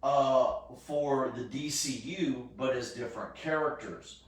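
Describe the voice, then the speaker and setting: A man chatting casually as a host, pausing and restarting his sentences with many fillers. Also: medium pitch. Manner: halting, restarts often with fillers. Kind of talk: casual chat. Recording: echoey room, far from mic.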